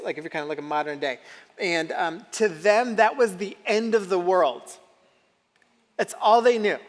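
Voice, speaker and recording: High-voiced male pastor preaching. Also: fairly bright tone, long reverb tail. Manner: conversational, asks the congregation questions. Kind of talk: sermon. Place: church sanctuary.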